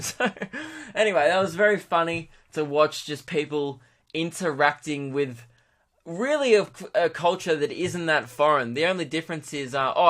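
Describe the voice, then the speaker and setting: A man's voice: fairly high pitch, expressive, normal speed, a bit bright. A man with an Australian accent, a podcast host telling a comic story in a sarcastic, ranting way. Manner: sarcastic, ranting, frequent swearing.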